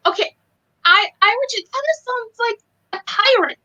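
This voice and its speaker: A woman's voice: extremely high pitch, normal speed, pushed and bright, muffled recording. A woman in casual chat, giggly and hesitant, often trailing off and restarting. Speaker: co-host.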